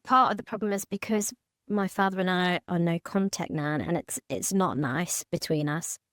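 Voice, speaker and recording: Woman, hesitant, halting, restarts often, counselling session, dry close mic. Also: fairly low pitch, fairly bright tone, dry recording. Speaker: mother seeking counselling. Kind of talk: emotional counselling conversation.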